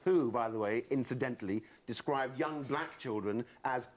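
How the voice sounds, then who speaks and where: A man's voice: mid-range voice, normal speed. A man with a London accent telling comic stories in a punchy, laughing way. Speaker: comedian guest. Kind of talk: stand-up comedy. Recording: loud studio audience.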